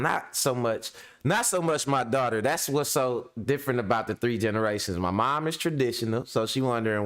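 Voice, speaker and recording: This middle-aged host chats easily with his live audience, his casual monologue full of slang, frequent laughter, and repeated uses of "you know what I'm saying." His smooth, medium-pitched voice has lively intonation and a moderate pace.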